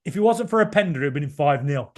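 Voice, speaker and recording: A man's voice: on the high side, animated, rapid-fire. A man in his forties from Ireland, hosting a podcast and giving a rambling, passionate solo reaction to a football match. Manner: rambling, passionate, swings from shouting to muttering. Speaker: podcast host.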